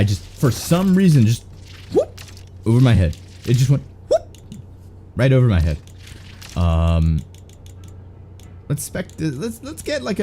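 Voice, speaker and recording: A man's voice: medium pitch, warm tone, slight background noise. A young man doing casual, rambling live-stream gameplay commentary, swearing and self-mocking. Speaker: game streamer.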